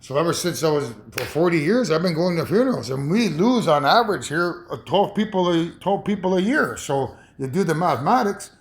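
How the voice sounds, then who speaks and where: A man in his fifties talking in a rambling, emotional personal monologue, halting and repeating himself. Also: fairly high pitch, expressive. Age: 50s. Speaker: vlogger.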